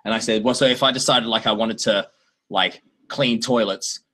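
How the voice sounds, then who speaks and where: A man hosting a livestream and answering viewer questions in a chatty, animated way, often laughing. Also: fairly low pitch, moderate pace. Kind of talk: casual chat.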